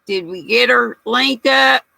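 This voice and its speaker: A woman's voice: a little high, slow pace, vocal fry, sharp tone, no room sound, poor audio. An older woman hosting a casual livestream, chatty and folksy, reading viewer comments aloud and laughing often. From United States. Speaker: livestream host.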